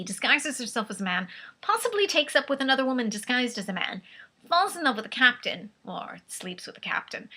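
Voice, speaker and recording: A woman's voice: medium pitch, pushed and bright. A woman vlogging in a rambling, chatty way, often laughing at herself, with a vaguely British put-on accent. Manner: rambling, chatty, self-amused with frequent laughs. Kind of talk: casual chat.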